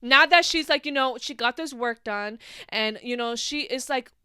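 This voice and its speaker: Bright, clear-voiced young woman ranting. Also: a little high, moderate pace, dry recording, studio quality. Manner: passionate, profane, heavy use of filler "like". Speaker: podcast host. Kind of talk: casual solo podcast monologue.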